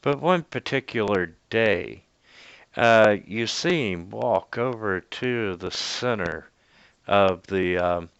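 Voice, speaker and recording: A man's voice: on the low side, animated, takes it slowly, vocal fry, a bit bright, clean tone, dry recording, lo-fi sound. A man narrating as game master in a tabletop game over a voice call, stopping often with fillers and restarts. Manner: hesitant, many fillers and restarts, laughs often.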